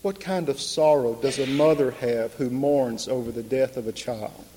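A man preaching an impassioned sermon, building to loud emphatic peaks. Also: mid-range voice, normal speed, a little hiss or hum. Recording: long reverb of a large hall.

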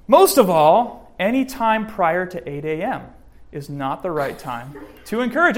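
A man giving a sermon, preaching in a lively, joking way with lots of rises and drops in voice. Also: moderate pace. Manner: lively, joking preaching, varied pitch and loudness. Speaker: pastor.

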